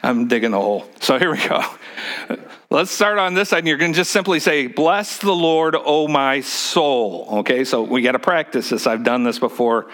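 Male pastor preaching in a church. He has an easygoing, joking delivery, leads call-and-response, stumbles and repeats words, and sits in the middle pitch range. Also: lively intonation, a little fast, a bit bright. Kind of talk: sermon. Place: church sanctuary with a congregation.

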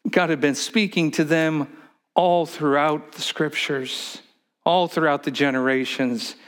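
A man preaching a sermon, swinging between loud, emphatic stretches and hushed, whispered ones. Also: a little high, steady tone, measured pace. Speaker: pastor.

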